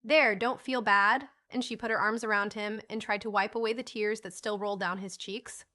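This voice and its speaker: A woman narrating an audiobook of a classic story in an expressive, lively reading. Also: medium pitch, a little fast. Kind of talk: scripted narration.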